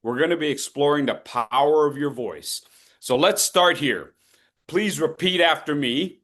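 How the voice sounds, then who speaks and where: A man's voice: fairly high pitch, measured pace, fairly bright tone. A man coaching speakers in an online voice workshop, upbeat and leading repeat-after-me drills. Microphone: video call.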